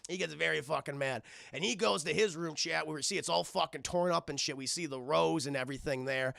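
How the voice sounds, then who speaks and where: Brief: male streamer, very gravelly and bright, animated swearing film recap, dry close sound. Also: on the high side, a little fast, dry recording. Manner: animated, profane, laughs often. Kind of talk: casual profane film recap.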